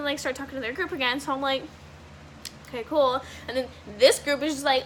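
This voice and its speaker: A woman's voice: high voice, fairly quick, a bit bright, a little hiss or hum. A young woman from Washington state telling a rambling storytime vlog, casual and full of fillers and swearing. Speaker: vlogger.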